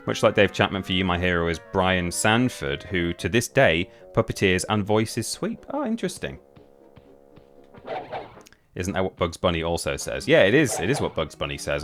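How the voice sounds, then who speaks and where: A young man talks in a low voice, chatty and rambling, often breaking off and restarting his sentences. He is a streamer chatting with viewers while he plays. Gentle game music sits quietly underneath. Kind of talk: casual live-stream chat while gaming.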